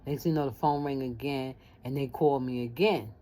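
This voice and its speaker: Low-voiced woman telling a story. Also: brisk. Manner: lively, acts out family members' voices. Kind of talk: casual personal storytelling.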